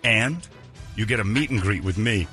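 A man's voice: lowish voice, expressive, moderate pace, sharp tone, faint music behind. A man hosting a radio morning show, joking with his co-hosts, laughing often and slipping into impressions. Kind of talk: casual radio banter. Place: radio studio. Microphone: studio microphone.

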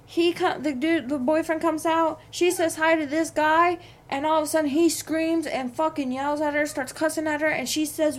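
A woman's voice: high voice, steady tone, moderate pace, hardly any pauses. A young adult woman hosting a podcast, telling a heated workplace story with lots of swearing. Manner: profane, venting, heated. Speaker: podcast host. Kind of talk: casual storytelling monologue.

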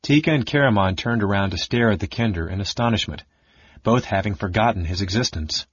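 Husky low-voiced male audiobook narrator. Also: brisk, no echo. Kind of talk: scripted fantasy narration. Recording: muffled lo-fi recording.

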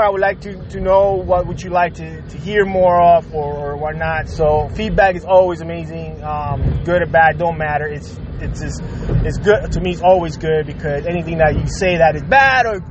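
Man, podcast host, profane animated rant, high voice, faint noise. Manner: profane, animated, laughs while ranting. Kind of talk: casual solo rant. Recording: slightly dull audio with faint noise.

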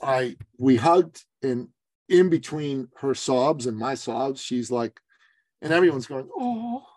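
A man in his forties tells a story as a podcast guest, in the easy manner of a business coach. He is lively and acts out other people's lines as he goes. His voice sits at a middle pitch, and the recording is dry with no room sound. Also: takes it slowly, no echo.

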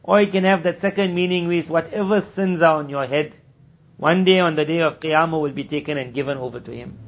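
A man giving a conversational sermon as a religious teacher, moving between plain explanation, acted-out dialogue and quick recitation of scripture passages. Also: fairly high pitch. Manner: conversational, acts out quoted dialogue. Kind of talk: sermon at a weekly gathering. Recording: dull lo-fi recording.

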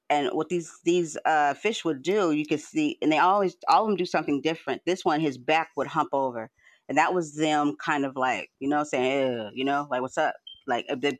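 A man with a high-leaning voice hosts a livestream from his home, giving a casual, rambling monologue that keeps restarting words and swearing freely. The recording is dry.

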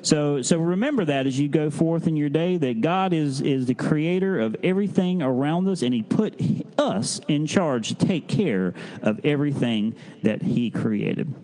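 Children's time leader at church; man, folksy and halting, draws the kids in. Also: a little high, expressive, warm tone. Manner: folksy and halting, with frequent restarts, coaxing kids to respond. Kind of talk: children's sermon. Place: church service.

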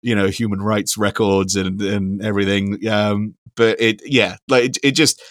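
A man with a voice on the low side keeps a steady tone and moderate pace, with no room sound. He's co-hosting a podcast, chatting in a rambling, casual way and swearing now and then.

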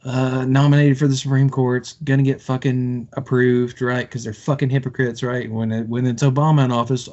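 A man on a podcast, a few drinks in, rants with heavy swearing and stumbling restarts. His voice sits at an average pitch. The audio is dull and lo-fi. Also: level tone, brisk, hardly any pauses, mellow. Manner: profane, passionate, stumbling restarts. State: has been drinking. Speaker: podcast co-host. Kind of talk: heated casual political rant.

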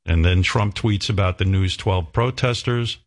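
A middle-aged man hosting a talk radio show in a lowish voice. He rants with heavy profanity and plenty of indignation, often working himself up. His delivery is casual and conversational. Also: measured pace.

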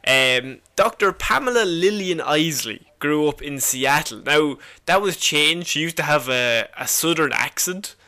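A man's voice: a little high, animated, measured pace, few pauses, pushed and bright. A man co-hosting a podcast, explaining a comic villain's history in a casual, jokey way and laughing often. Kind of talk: casual chat.

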